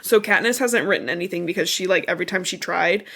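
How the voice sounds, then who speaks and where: A woman co-hosts a podcast, recapping a book in a rambling, casual way and swearing often. Her voice sounds stuffy and congested, lowish and a bit bright, with vocal fry, and she talks fast.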